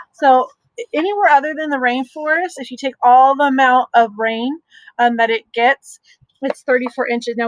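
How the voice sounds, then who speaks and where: A middle-aged woman teacher reading a picture book aloud to young students, explaining slowly with simple asides. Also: high-pitched, no room sound, poor audio.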